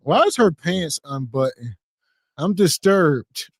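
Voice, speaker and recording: A man co-hosting a podcast, giving slow, preachy commentary on street interview clips. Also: high-pitched, animated, fairly bright tone, no echo. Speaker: podcast co-host. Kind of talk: casual reaction commentary.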